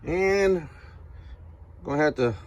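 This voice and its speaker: A man's voice: fairly high pitch, takes it slowly, slight background noise. Profane, sarcastic DIY car mechanic man. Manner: profane, sarcastic, laid-back. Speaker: DIY car repair vlogger. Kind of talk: casual how-to narration. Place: garage or driveway, working on a car.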